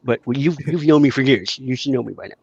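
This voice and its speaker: A man co-hosting a podcast, chatting in an animated, teasing way. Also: medium pitch, quick pace, vocal fry, noisy background. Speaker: podcast co-host. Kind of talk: casual chat with friends. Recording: dull lo-fi dry mic.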